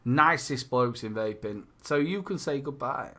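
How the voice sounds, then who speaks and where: A man's voice: mid-range voice, lively intonation, a little slow, a bit bright. A man hosting a casual live-stream show, swearing freely and trading jokey banter. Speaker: show host.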